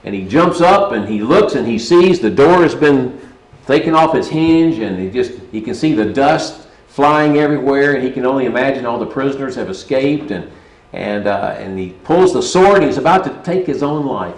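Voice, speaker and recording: A man's voice: mid-range voice, animated, moderate pace. Middle-aged man preaching in a roomy hall. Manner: conversational storytelling preaching with frequent restarts. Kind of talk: sermon.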